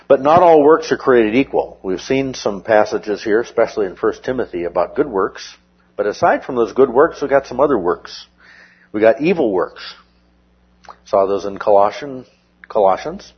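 Measured, husky-voiced male Bible teacher. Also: fairly low pitch, lively intonation, lo-fi sound. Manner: measured, explanatory, checks in with "okay?". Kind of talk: verse-by-verse Bible study lesson.

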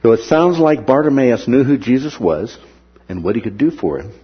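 Husky-voiced man preaching a sermon. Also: medium pitch, moderate pace, lo-fi sound. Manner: animated, acts out the characters' words.

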